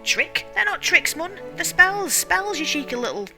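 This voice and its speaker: A woman's voice: extremely high pitch, big pitch swings, moderate pace, pushed and bright, pitched above the performer's own voice, heavily acted. Woman doing a cheeky fairy sidekick. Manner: blunt, sassy, colloquial. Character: cheeky little male fairy sidekick, brash. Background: game music.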